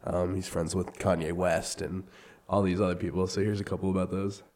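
A man's voice: sits low, flat delivery, a little fast, a little mellow. A man casually introducing recorded comedy clips, hesitant with fillers. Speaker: podcast host introducing clips.

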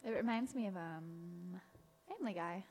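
Young woman co-host, chatty and quick to laugh. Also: on the low side, a little mellow, husky. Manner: laughs often, asks questions. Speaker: college radio co-host. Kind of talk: casual radio chat.

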